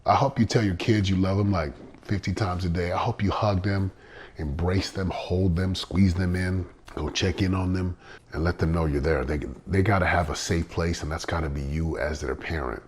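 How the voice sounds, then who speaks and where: A man's voice: sits low, fairly even intonation, normal speed, slightly rough. A middle-aged man hosting a motivational podcast, talking earnestly and repeating phrases for emphasis. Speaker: podcast host.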